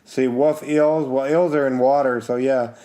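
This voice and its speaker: A man co-hosting a casual game podcast, easygoing, reading out funding details and gently correcting his co-host. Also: medium pitch, steady tone, measured pace. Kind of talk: casual chat previewing crowdfunded games.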